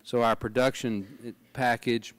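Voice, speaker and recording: A man's voice: mid-range voice, fairly even intonation, a little slow. Male lawmaker, folksy and wry, formal hearing remarks. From Texas. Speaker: committee member.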